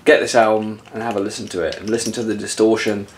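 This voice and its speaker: A man co-hosts a casual chat vlog, talking fast in a lowish, steady-toned voice over slight background noise. He sounds hesitant, with lots of fillers and restarts.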